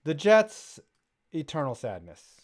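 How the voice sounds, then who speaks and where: A man's voice: on the high side, big pitch swings, takes it slowly, a little mellow. A young man co-hosting a sports podcast, casual and sarcastic, reading viewer messages aloud. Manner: jokey, sarcastic, reads viewer chats aloud. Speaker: podcast co-host.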